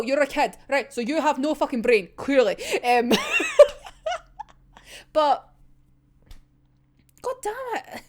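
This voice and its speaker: A woman's voice: high voice, sing-song, slow pace, pauses often, slight background noise. A young woman reacting to a manga chapter with a heated, sweary rant, laughing often.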